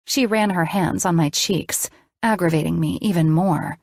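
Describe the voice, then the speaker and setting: A woman reads a first-person audiobook in a measured, expressive storytelling voice. Her pitch sits a little low. The recording is dry and close, with no room sound. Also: no room sound. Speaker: audiobook narrator.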